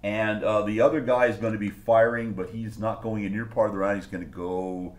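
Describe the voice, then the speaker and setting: A man narrating a tabletop game as game master, animated, with spoken sound effects. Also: lowish voice, brisk. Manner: animated, laughing often, sound effects like "blam".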